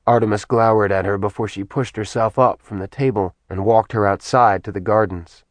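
A man reading a fantasy audiobook as narrator, in a steady storytelling manner. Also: lowish voice, moderate pace, hardly any pauses, no room sound.

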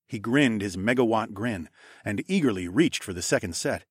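A man narrating a fantasy audiobook in a first-person voice, putting on higher voices for the characters. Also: lively intonation, normal speed, breathy edge, no echo, clean studio sound. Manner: voices characters with raised pitch. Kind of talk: scripted narration.

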